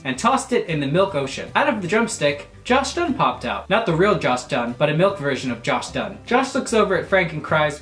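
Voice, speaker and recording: Animated young man joking in a roomy room. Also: a little high, moderate pace, hardly any pauses. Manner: animated, crude, mock-offended jokes. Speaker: YouTuber. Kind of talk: comedic reading aloud with asides.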